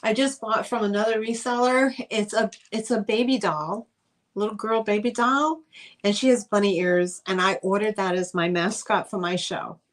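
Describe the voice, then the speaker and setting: A woman's voice: medium pitch, fairly even intonation, moderate pace. A woman hosting a casual live-stream vintage sale, chatty and rambling with lots of fillers. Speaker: host selling vintage items.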